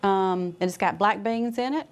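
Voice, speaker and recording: A woman with an American accent and a mid-range voice co-hosts a cooking show at a moderate pace. Serving and tasting a salad, she chats in a homey, chatty way and thinks aloud.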